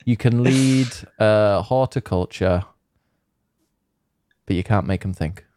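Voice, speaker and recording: A man's voice: lowish voice, slow, a little mellow, slight background noise. A man hosting a games podcast, rambling and joking in casual banter. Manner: jokey, rambling, self-mocking. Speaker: podcast host.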